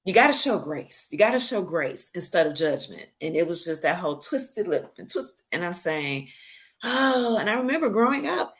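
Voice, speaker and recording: A woman with a fairly low voice tells stories animatedly in a casual podcast chat. She acts out the voices of the people she quotes and laughs as she talks. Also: very animated, moderate pace. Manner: laughs while telling stories. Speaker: podcast guest. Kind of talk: casual storytelling conversation.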